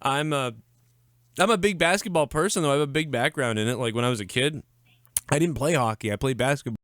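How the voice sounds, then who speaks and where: A man's voice: mid-range voice, fast talker, no room sound, studio quality. A young man co-hosting a live show, telling a long, profane story in a rambling, casual way. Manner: profane, rambling, animated when quoting others. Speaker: podcast co-host.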